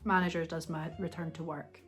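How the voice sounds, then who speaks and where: A woman's voice: low voice, little pitch movement, a little fast, breathy edge, faint music behind. A young woman chatting casually at home for her vlog, rambling and self-mocking as she laughs her way through a story. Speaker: vlogger.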